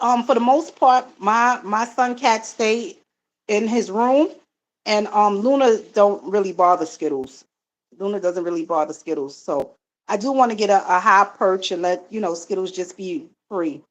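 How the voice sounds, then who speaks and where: A woman's voice: mid-range voice, rough recording. A middle-aged woman hosting a casual live stream, chatting with viewers she calls family and reading their comments aloud before answering them. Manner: addresses viewers as family, frequent fillers. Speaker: live-stream host and card reader.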